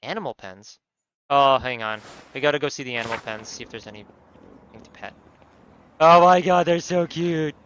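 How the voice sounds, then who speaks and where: Casual male streamer, bright and edgy, jokey and self-deprecating while he plays. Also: medium pitch, normal speed, lo-fi sound, slight background noise. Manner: goofy, self-mocking, swears freely. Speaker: gaming streamer. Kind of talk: casual let's-play commentary.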